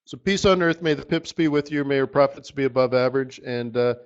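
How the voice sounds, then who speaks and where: A man hosting a live currency trading session, giving a rambling, animated motivational talk to his viewers. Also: mid-range voice, a little fast, muffled recording. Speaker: forex market strategist hosting a live session.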